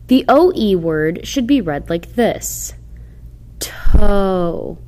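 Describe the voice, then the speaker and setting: A woman's voice: medium pitch, expressive, dark tone, a little hiss or hum. A woman giving scripted instructional narration for a reading program, carefully sounding out example words. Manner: slow, careful demonstration of word sounds.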